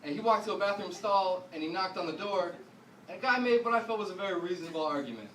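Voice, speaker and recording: A male stand-up comedian with a high voice performs a fast, profane set on a comedy club stage before a live audience. He tells stories with deadpan asides and voices other people in quotes. The sound is roomy, with a distant mic and audience noise.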